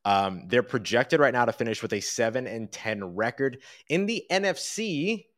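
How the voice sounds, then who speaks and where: A man co-hosting a sports podcast, talking casually and joking in quick, animated bursts. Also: medium pitch.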